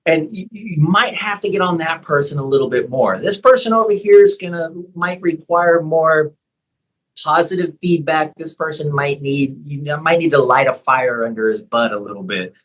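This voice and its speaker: A middle-aged man with a fairly high-pitched voice speaks as a guest in a relaxed interview. He is a personal trainer who talks animatedly and slips into the voices he uses to coach people. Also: moderate pace, poor audio. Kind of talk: conversational interview. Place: Thailand.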